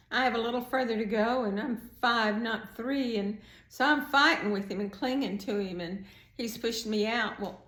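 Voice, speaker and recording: A middle-aged woman telling a personal story as a prison art teacher, animated, raising her voice when she acts out what people said. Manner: animated, acts out quotes with raised pitch. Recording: echoey room.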